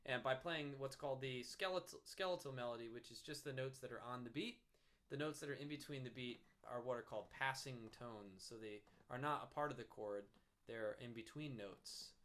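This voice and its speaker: A man giving a relaxed music lesson, explaining soloing with fillers and now and then humming or singing a snippet. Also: mid-range voice, a little fast. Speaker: music teacher. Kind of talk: casual instrument lesson. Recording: faint guitar music behind.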